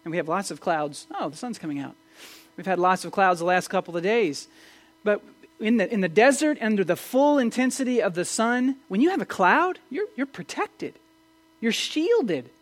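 A man preaching a sermon as pastor, animated and asking his listeners questions, with frequent restarts. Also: high-pitched, normal speed. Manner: animated, asks the audience questions, many restarts.

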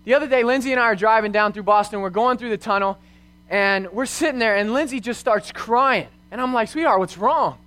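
Preaching a little fast, a young man serving as youth pastor sounds sharp, clear and resonant, his voice distinctly high. He's sincere throughout, threading stories from his own life and rhetorical questions through the message.

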